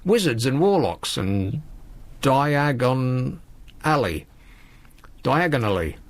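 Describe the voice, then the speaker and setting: Rambling radio host with a lively voice. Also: male voice, mid-range voice, slow. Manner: wry, rambling, sardonic. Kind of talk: late-night radio monologue.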